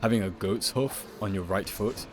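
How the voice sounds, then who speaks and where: A gaming video creator talks over his gameplay in a lowish voice at a normal speed. His commentary is playful, rambling and jokingly dramatic, and loud game music plays under his voice.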